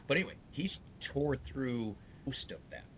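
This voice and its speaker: A man's voice: mid-range voice, normal speed, slight background noise. A man who owns a dealership, talking casually and bluntly, telling stories with lots of restarts. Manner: rambling, animated storyteller with frequent restarts; salty, blunt talk. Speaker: dealership owner. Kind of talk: casual storytelling on a podcast.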